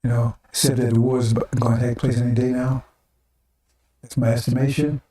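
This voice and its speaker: A man's voice: medium pitch, level tone, normal speed, dark tone. Older man preaching in an echoey room. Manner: rhetorical, repeats phrases, tags "right?" and "see?". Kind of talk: informal sermon broadcast. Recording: echoey room, mic at a distance.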